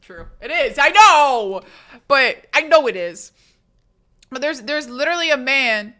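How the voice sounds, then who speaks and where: Bright-voiced young woman streamer, animated chat. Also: sits high, a little slow. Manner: animated, swearing, rambling storytelling. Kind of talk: casual live-stream chat.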